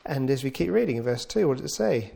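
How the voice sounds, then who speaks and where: A man's voice: mid-range voice, sing-song, fast, vocal fry, dark tone. A man preaching a sermon, stressing key words by repeating them and voicing the psalmist's pleas in a raised, pleading tone. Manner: repeats key words for emphasis, occasional stumbles.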